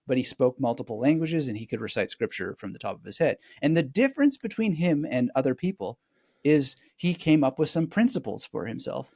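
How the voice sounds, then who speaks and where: A man speaking as a guest memory expert in a conversational interview, animated and digressive, often laughing as he explains. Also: mid-range voice, no echo, studio quality.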